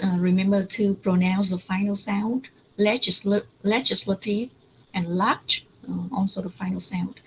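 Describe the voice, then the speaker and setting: Woman teacher, hesitant class feedback, mid-pitched, faint hiss in the recording. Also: rough recording. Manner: hesitant, frequent fillers, corrects pronunciation. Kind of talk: giving feedback in an online class.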